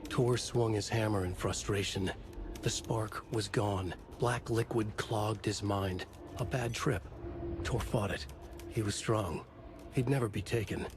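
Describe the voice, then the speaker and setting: A man voicing a terse male narrator in a video game, speaking in clipped, short sentences over steady ambient noise. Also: on the low side, a little slow, natural voice. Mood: brooding.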